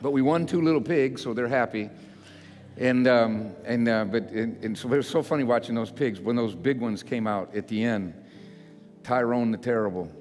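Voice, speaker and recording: An older man, a pastor, preaching a sermon in a folksy, self-mocking way that builds into loud, emphatic repetition. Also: medium pitch, moderate pace. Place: church sanctuary. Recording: church hall reverb with faint music.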